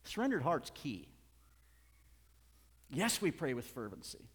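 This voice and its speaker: A middle-aged man preaching a sermon as a pastor, moving from soft asides to loud, fervent outbursts, with small chuckles between points. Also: mid-range voice, moderate pace, vocal fry. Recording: reverberant hall.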